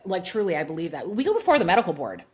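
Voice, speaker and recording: A middle-aged woman with a fairly low voice tells stories with heavy emphasis, circling back to repeat her points. She talks as a hairdresser guest in a relaxed podcast chat. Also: racing, a little hiss or hum. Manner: emphatic storyteller, many restarts and repeats. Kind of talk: animated podcast conversation.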